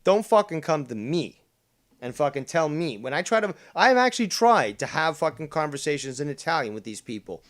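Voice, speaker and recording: A man's voice: fairly high pitch, very animated, fairly quick. A man from Canada hosting a heated panel argument, smug and profane as he lectures the others. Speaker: show host.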